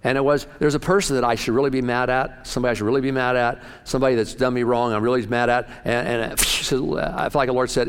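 Excitable folksy male preacher in a hall. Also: a little fast, noisy background. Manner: folksy, excitable preaching with sudden rises in pitch and volume. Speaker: pastor. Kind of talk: sermon.

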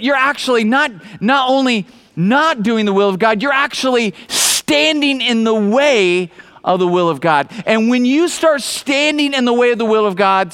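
A male pastor with a fairly high voice preaches a sermon. He reads scripture aloud, then acts out the people in the story with lively, conversational energy.

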